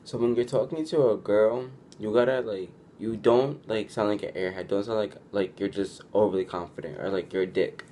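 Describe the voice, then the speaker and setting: A man's voice: lowish voice, steady tone, normal speed, hardly any pauses, mellow, a little hiss or hum. A young man talking casually to his viewers, giving advice in a loose, chatty way, filling his speech with "like" and restarting sentences often. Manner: chatty, heavy use of "like", restarts, acts out quoted lines. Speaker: vlogger.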